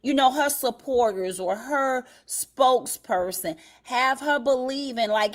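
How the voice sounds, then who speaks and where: A woman hosting a casual livestream commentary show, talking straight to her chat in a drawn-out way. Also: sits high. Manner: drawn-out, talks to the chat directly.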